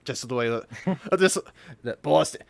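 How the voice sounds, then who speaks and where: A man chatting casually over a game, self-mocking and quick to laugh. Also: fairly high pitch, animated, vocal fry, no echo, clean studio sound. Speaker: video host and player. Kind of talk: casual gameplay chat.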